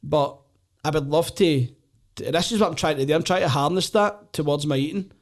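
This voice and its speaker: A man with a Glaswegian accent, a comedian and former soldier, telling animated stories in casual chat and laughing often. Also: on the high side, a little fast. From Glasgow, Scotland. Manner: animated, laughs often, acts out voices in anecdotes.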